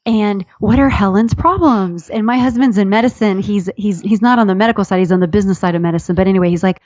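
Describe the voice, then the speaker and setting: A woman's voice: mid-range voice, racing, no echo, lo-fi sound. Chatty woman telling funny stories. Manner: chatty, animated storyteller who restarts sentences. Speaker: author and comedian guest. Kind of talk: casual storytelling interview.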